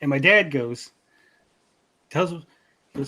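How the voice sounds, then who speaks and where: A man hosting a podcast, telling a story in casual chat, animated and profane, repeating words as he goes. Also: mid-range voice, a little fast, long pauses. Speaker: podcast host.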